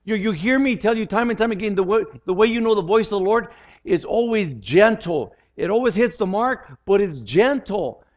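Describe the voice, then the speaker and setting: A man's voice: high-pitched, animated, moderate pace. An older man preaching a sermon as pastor, earnest and often repeating words as he restarts his sentences. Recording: dull lo-fi recording.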